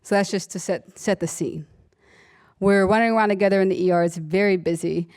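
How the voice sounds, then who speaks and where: A woman's voice: medium pitch, fairly quick. A young adult woman, an emergency room nurse and author, telling stories from her work in a conversational talk, acting out the people in them. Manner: animated storytelling, voices her patients, laughs often.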